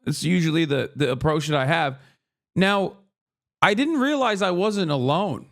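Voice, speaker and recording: A man streaming live reaction commentary, ranting sarcastically and with a lot of profanity. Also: on the high side. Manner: fast, heated, animated delivery. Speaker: streamer host.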